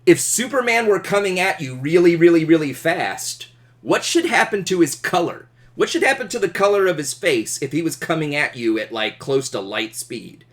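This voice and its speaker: A man teaching an astronomy class, animated and jokey, asking questions. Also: on the high side. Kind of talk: classroom lecture.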